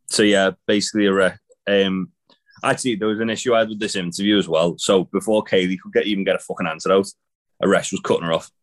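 A man's voice: low-pitched, steady tone, quick pace. A man co-hosting a casual wrestling review chat, blunt and sarcastic, swearing freely. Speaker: wrestling podcast co-host.

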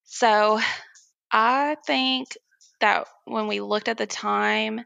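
A young woman tells a personal story as an interview guest, animated and quick to laugh. Her voice is strongly gravelly, with a bright, forceful edge. The recording is close and dry. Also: a little high, no room sound, lo-fi sound. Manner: animated, laughs often while telling, acts out quoted voices.

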